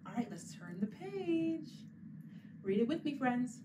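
A woman librarian reads a picture book aloud to young children in an unhurried, sing-song way, playing the animal sounds. Her voice sits high and swoops widely as she coaxes her unseen listeners along. The mic is a little way off, with a faint hum behind her. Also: big pitch swings. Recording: distant mic with faint background noise.

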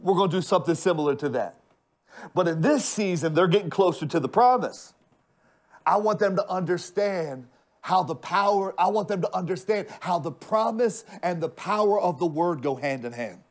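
A male pastor preaching a sermon, turning often to speak straight at the congregation and swinging from loud, stretched-out lines to hushed ones. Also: sits high, lively intonation, moderate pace. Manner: addresses the congregation directly.

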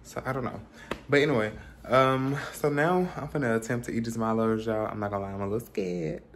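A man's voice: mid-range voice, brisk, a little hiss or hum. A young man vlogging at home while sick, chatting casually and swearing, his tongue sore from a bite. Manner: chatty, animated, swears freely, talks straight to viewers. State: sick with food poisoning, bitten sore tongue. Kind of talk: casual vlog talk to camera. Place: at home in his apartment, indoors. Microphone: camera on a tripod.

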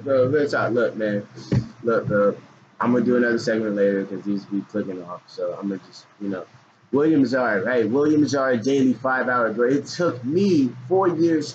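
A man casually talking about forex trading in a loose, joking, slangy way with hyped outbursts. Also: medium pitch. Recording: dull lo-fi recording with faint noise.

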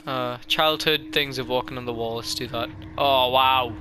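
A young man giving excitable let's-play commentary, jokey and chatty, talking back to the characters on screen. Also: mid-range voice, normal speed, soft background music. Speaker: gaming YouTuber.

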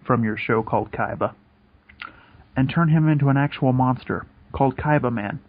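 A husky young man swears his way through a casual podcast chat with a relaxed, joking ease. His voice sits at a middle pitch and comes through on dull, muffled lo-fi audio. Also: moderate pace. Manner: profane, laid-back, joking. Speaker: podcast co-host.

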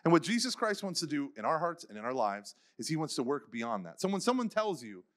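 A man's voice: a little high, big pitch swings, a little fast, a bit bright. A man giving a faith conference talk, telling stories casually with many "like" fillers and acting out the people he quotes. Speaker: conference speaker.

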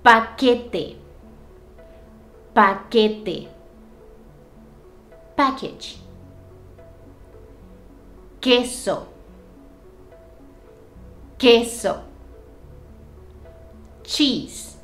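Slow, careful woman teaching Spanish. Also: on the high side, lively intonation, a bit bright, soft background music. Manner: repeats each word twice, then gives the English. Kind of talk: slow, clearly enunciated language lesson.

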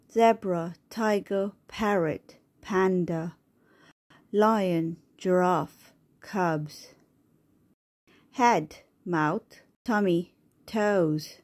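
A woman with a lowish voice reads a picture word book aloud for small children. She says each word on its own, slowly and clearly, with a pause after it. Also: darkish tone. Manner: slow, clear, one word at a time.

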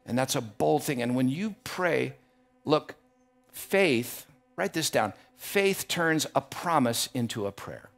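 A man's voice: medium pitch, creaky, a bit bright. A man preaching a sermon as a pastor, emphatic and building to impassioned passages, often repeating words as he builds a point. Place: church.

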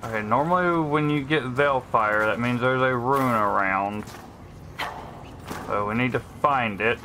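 A man's voice: mid-range voice, a little slow, background noise. A man casually commentating his gameplay, thinking aloud in a laid-back way. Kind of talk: casual let's-play commentary.

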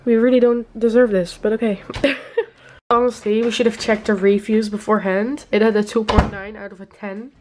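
A woman's voice: medium pitch, level tone, moderate pace, a little mellow, slight background noise. A young woman talking casually to her camera as a vlogger, chatty and self-deprecating with frequent giggles. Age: young adult. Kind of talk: casual vlog chat.

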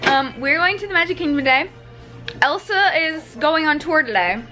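Squealing high-voiced young woman vlogger. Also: normal speed, low-quality recording. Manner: bubbly, squealing with excitement. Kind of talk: excited theme park vlog. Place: outdoors at a busy theme park. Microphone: handheld camera. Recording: busy crowd and music behind. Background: crowd and music.

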